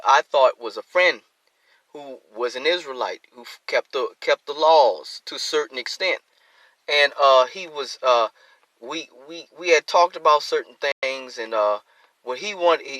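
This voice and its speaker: A man teaching scripture on a live stream, reading verses then explaining them in plain, animated talk with features, acting out the excuses people make. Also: mid-range voice, dry recording, poor audio. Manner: repeats and restarts phrases. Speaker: teacher of a religious group.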